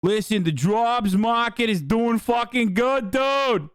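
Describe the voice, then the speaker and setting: A man putting on a mocking impression of a male politician with an exaggerated Massachusetts accent, loud and drawled. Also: very high-pitched, slow, clear, resonant tone, no room sound, clean studio sound, pitched above the performer's own voice, full character voice.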